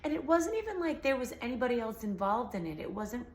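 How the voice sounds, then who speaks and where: A woman's voice: on the high side, big pitch swings, quick pace, reverberant, a little hiss or hum. A woman vlogger in a casual, earnest talk to camera, rambling with many fillers, her voice slightly sore. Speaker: healing vlogger.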